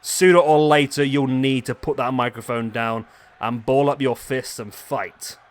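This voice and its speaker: A man voicing a tough male wrestler with a put-on Scottish accent, gruff and blunt, taunting for a fight. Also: medium pitch, fairly even intonation, measured pace, natural voice. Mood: challenging. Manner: challenging, taunting, calls for a fistfight.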